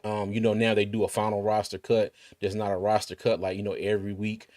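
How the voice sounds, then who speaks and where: Laid-back man, low voice. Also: flat delivery, brisk, darkish tone. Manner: laid-back, chatty, many fillers and restarts. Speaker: sports podcast host. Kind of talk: casual live-stream chat.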